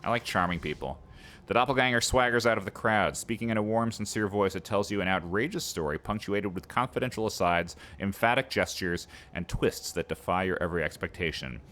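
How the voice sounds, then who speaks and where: A man's voice: lowish voice, a little fast, a bit bright. A man hosting a let's play, reading the game's text aloud and breaking off for playful, chatty asides to his viewers.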